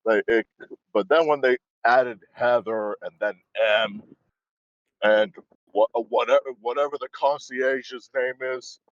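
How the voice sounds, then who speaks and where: A man's voice: mid-range voice, unhurried, dry recording. Matter-of-fact man on a dull mic. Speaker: podcast co-host. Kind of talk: casual chat.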